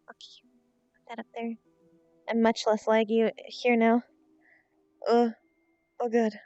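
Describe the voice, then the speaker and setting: A woman's voice: fairly high pitch, completely flat delivery, slow, long pauses, a little mellow, no room sound. A woman streamer chatting casually, narrating to herself what she is doing while she waits for someone. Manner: thinks aloud while waiting, chatty self-narration. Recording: dull lo-fi stream audio with faint music.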